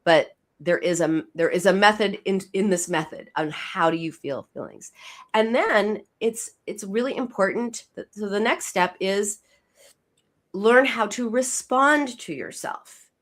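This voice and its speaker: A woman psychoanalyst explaining her method as an interview guest, emphatic and quick to repeat and restart words. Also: mid-range voice, lively intonation.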